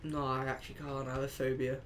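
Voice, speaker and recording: A man's voice: medium pitch, flat delivery, fast talker. A young man playing a horror game with a friend, jumpy and complaining, swearing in casual banter. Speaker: co-player. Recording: noisy home recording.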